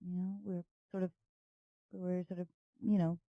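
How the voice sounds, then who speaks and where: A woman's voice: lowish voice, little pitch movement, moderate pace, no echo, phone-quality sound. A woman hosting a podcast, chatting casually and playfully with a guest, laughing often. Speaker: podcast host. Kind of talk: casual chat.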